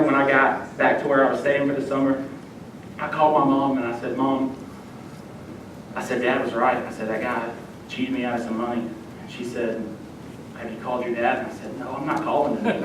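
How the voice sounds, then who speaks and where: In a church sanctuary, a young youth minister preaches a sermon built around a personal story, acting out the voices of those he quotes. The recording is echoey from the church hall, with a distant mic and a faint rumble.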